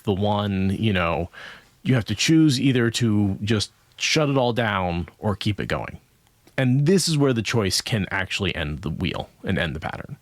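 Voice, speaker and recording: On a podcast, a male co-host with a voice on the low side talks through a book, rambling casually and thoughtfully with frequent "right?" asides. The sound is studio quality with no echo.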